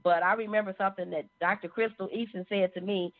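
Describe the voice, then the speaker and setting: A woman sharing a personal testimony in an animated storytelling manner. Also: mid-range voice, fast. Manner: animated, acts out quoted voices. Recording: phone-like narrow sound.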